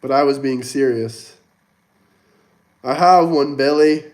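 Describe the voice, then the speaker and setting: Hosting a casual livestream, this man reads super chats aloud and jeers at commenters, sweaty and coughing at times. His mid-range, darkish voice moves at a slow pace with a taunting, mocking edge.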